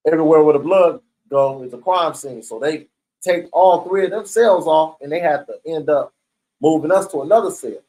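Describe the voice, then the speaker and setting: A man with a mid-range, slightly mellow voice recounts prison life in a casual, streetwise manner, cursing freely and often checking in with "right?". The audio quality is poor.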